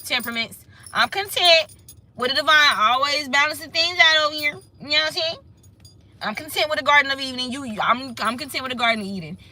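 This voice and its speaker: A woman's voice: high voice, quick pace, pushed and bright. A woman giving a casual tarot reading, sassy and emphatic, swearing and repeating her points. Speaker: tarot reader.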